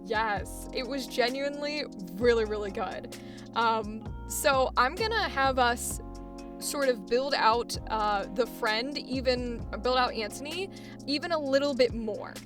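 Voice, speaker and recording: Encouraging, high-voiced woman coach. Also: a little slow, music in the background. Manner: encouraging, chatty, uses many fillers. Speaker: voice acting coach. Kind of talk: coaching session.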